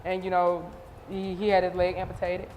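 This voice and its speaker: A woman interviewing a singer in casual chat, telling stories with lively, animated delivery. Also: lowish voice, normal speed, long reverb tail, faint music behind. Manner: animated storytelling, voices others. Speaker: interviewer and showcase host.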